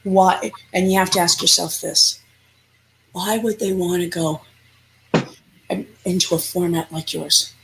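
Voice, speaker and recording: A woman's voice: fairly low pitch, unhurried, long pauses, a little hiss or hum, poor audio. A woman, a paranormal investigator, speaking emphatically and animatedly as an interview guest. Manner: emphatic, animated, laughs often. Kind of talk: casual interview chat.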